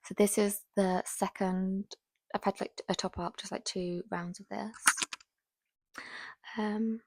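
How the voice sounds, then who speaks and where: A young woman in her twenties talks casually to her viewers, rambling and full of fillers, her voice sitting at an ordinary middle pitch. At times she slips into a soft whisper. The recording is close and dry, with no room sound. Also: steady tone, takes it slowly, dry recording. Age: 20s. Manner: often drops to a soft whisper. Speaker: vlogger. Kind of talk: casual chat to camera.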